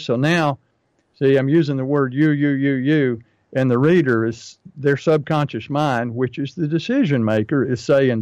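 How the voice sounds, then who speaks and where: A man's voice: mid-range voice, moderate pace, darkish tone, dry recording, highs cut off. A man co-hosting a talk, giving business advice in an emphatic, repetitive way that drives each point home.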